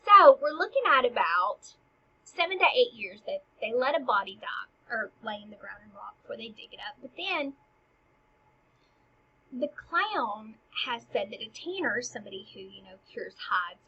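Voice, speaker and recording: A woman's voice: fairly high pitch, big pitch swings, normal speed, sharp tone, breathy edge, dull audio. A woman teacher explaining a play in casual language, paraphrasing each line into plain modern talk.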